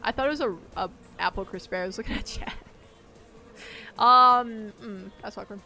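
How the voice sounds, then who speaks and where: A woman on a game live stream speaks at normal speed in a medium-pitched voice that sounds pushed and bright. She chats casually and rambles, laughing often and reacting aloud, while faint music plays behind.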